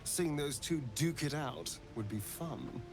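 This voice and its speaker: A sardonic, mocking elf in a video game. His voice sits in a middle pitch and drips with smugness. Game music plays clearly underneath. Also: expressive, slow pace. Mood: amused. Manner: smug and mocking. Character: sly, sardonic male elf companion who relishes conflict.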